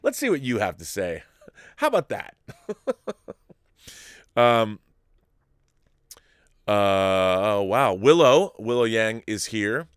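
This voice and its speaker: A man's voice: on the low side, slow, long pauses, smooth, no echo, studio quality. Rambling man hosting a live chat show. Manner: rambling and animated, with frequent restarts and laughs. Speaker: show host reading viewer super chats. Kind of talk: casual live-stream commentary.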